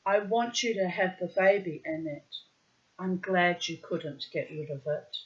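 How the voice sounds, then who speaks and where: A woman's voice: on the low side, unhurried, lo-fi sound, natural voice. A woman reading the lines of an earnest young male German soldier, pleading in her own narrating voice.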